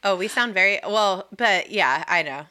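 A woman's voice: medium pitch, animated, moderate pace, sharp tone. A pregnant woman co-hosting a podcast, chatting casually and rambling with lots of fillers. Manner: chatty, rambling, laughs easily. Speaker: podcast co-host. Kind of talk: casual chat.

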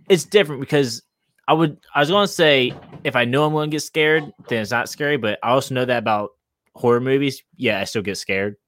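A man's voice: mid-range voice, fairly bright tone, dry recording. Laid-back man, dry close sound. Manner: laid-back, halting with restarts. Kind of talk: casual chat.

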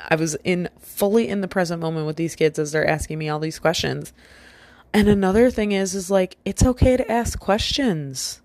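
A woman with a low voice tells a personal story in a loose, chatty monologue. She keeps adding "like" and acts out what she and others said. The sound is dry and close, with no room around it. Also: normal speed, darkish tone, no echo. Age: adult with a child. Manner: chatty and self-reflective, many "like" fillers, quoting herself and others. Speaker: vlogger telling a personal story.

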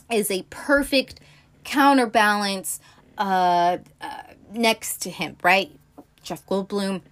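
A woman's voice: mid-range voice, fairly bright tone. A woman chatting casually about movies, talking in a loose, swearing, filler-heavy way with lots of asides. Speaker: film podcaster. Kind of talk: casual film review chat.

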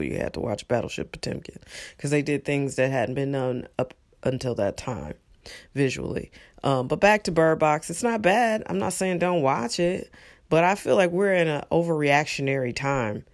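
At a moderate pace and in a mid-range voice, a middle-aged podcast host talks on his own show. It's casual solo talk, full of opinions, filler words, and side remarks.

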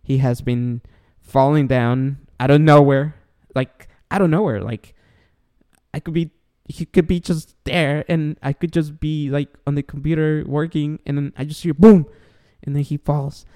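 A man's voice: a little high, steady tone, unhurried, mellow, clean tone. A man co-hosting a podcast, chatting casually and acting out his own reactions as he tells a story. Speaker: podcast co-host. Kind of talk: casual chat.

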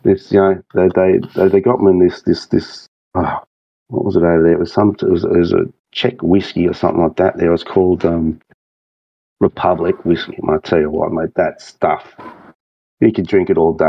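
Deep-voiced Australian man, rambling. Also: level tone, gravelly, husky, no echo, dull audio. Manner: rambling, halting, full of restarts and fillers. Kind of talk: casual chat.

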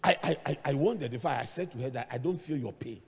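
A middle-aged male pastor preaching a sermon, moving between hushed asides and shouted points as he tells stories. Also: mid-range voice, lively intonation, fast talker, husky. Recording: long hall reverb.

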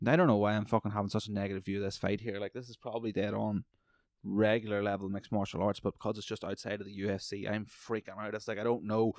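A man hosts his own podcast, rambling and swearing with excitable energy while calling a fight as he watches. His voice sits on the low side. The recording is dry and close, with no room echo. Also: fast. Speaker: podcast host. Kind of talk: solo podcast chat with live fight commentary.

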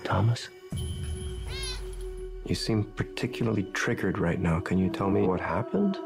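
An actor playing a calm male therapist who questions a patient in a measured way, in a film clip. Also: on the low side, gravelly. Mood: probing. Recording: film clip over music.

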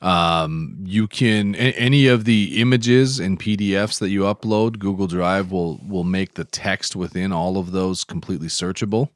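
A man's voice: sits low, normal speed, few pauses, no echo, studio quality. A man co-hosting a podcast, explaining app tips in casual, rambling chat. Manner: rambling, self-correcting explainer. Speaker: podcast co-host.

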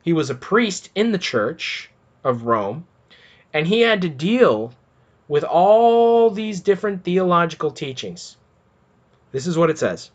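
Guy doing fired-up religious commentary, kinda high voice, repeats stuff for emphasis. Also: sing-song, unhurried, highs cut off. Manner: emphatic, repeats words for stress.

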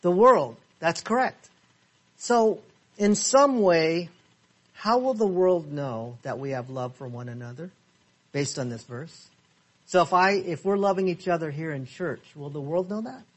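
A man teaching a Bible study class, reading verses slowly and asking the class questions. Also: fairly high pitch. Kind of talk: interactive Bible study lesson. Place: church classroom.

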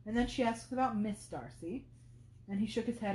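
A woman's voice: fairly high pitch, normal speed, darkish tone, roomy sound, a little hiss or hum. A woman hosting a podcast, talking through a classic novel in casual commentary, thinking aloud with many fillers. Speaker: podcast host.

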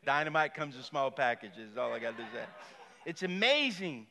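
Talking fast in a gravelly, mid-range voice, a middle-aged male pastor delivers a sermon. His storytelling is animated as he performs the voices of each character.

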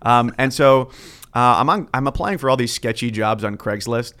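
A man tells long, lively anecdotes in an easy, conversational way, slipping into voices when he quotes people. He sounds like a sports broadcaster in his thirties, chatting with colleagues. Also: mid-range voice, normal speed. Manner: animated storyteller, acts out quotes. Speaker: guest sportscaster. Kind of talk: casual storytelling chat.

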